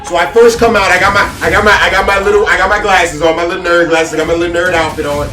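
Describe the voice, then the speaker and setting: A young man telling a story to his vlog audience in an animated, self-hyping way. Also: sits high, fast talker. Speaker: vlogger. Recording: roomy echo, distant mic.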